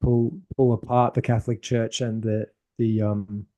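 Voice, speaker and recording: Here the podcast host speaks a little slowly in a lowish, dark voice with flat delivery. His casual conversation wanders thoughtfully, full of restarts.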